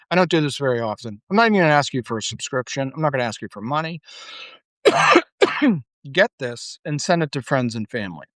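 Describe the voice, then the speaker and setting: A man's voice: medium pitch, dry recording. A middle-aged man hosting a podcast, ranting casually with frequent swearing and fillers. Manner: ranting, profane, full of fillers. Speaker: podcast host. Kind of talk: casual monologue.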